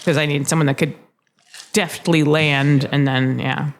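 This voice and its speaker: Female comedy co-host, deadpan storyteller. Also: low-pitched, measured pace. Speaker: podcast co-host. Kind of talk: improvised comedy chat.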